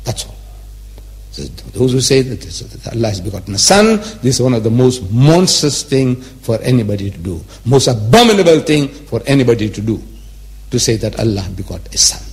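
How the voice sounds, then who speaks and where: A man's voice: medium pitch, animated, normal speed, a little mellow. A man in his seventies giving a public religious lecture, emphatic and repetitive, teasing his listeners with rhetorical questions. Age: 70s.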